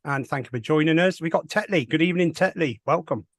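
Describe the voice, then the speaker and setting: Pria bersuara kering menyapa penonton. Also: male voice, on the high side, quick pace, no room sound, studio quality. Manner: banter-filled, greeting viewers. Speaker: co-host. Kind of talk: casual livestream chat.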